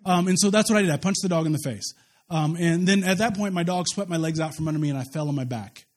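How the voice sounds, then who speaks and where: A male pastor with a notably high voice preaches in a relaxed, conversational way. He drifts from scripture into personal stories, stumbling over and repeating words, and pokes fun at himself. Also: fast talker. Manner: conversational, repeats words and restarts, self-deprecating humor. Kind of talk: sermon with personal storytelling.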